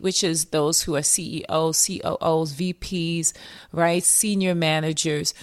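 A woman with a fairly low voice hosts a motivational podcast as a therapist. She talks emphatically and says her key points twice for weight. She speaks straight to her listeners and calls them her friends. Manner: emphatic, repeats key phrases for stress. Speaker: podcast host, mental health therapist.

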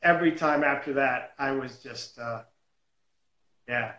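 A man telling a story about his juggling days in a lively, self-deprecating way. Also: mid-range voice, measured pace, reverberant, muffled recording. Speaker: juggler and comedy performer. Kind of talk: casual storytelling chat.

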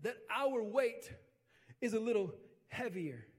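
A middle-aged male pastor delivers a sermon in a notably high voice. He drives his points home with emphatic, repeated phrases. His words carry a long reverb, as if filling a large church sanctuary. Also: animated, slow pace, slightly rough. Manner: preaching with rising, emphatic repetition.

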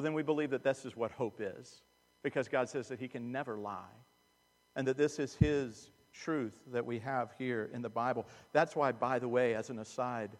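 A man preaching a sermon as a pastor, earnest and emphatic, dropping to hushed asides. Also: mid-range voice. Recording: long reverb of a large hall.

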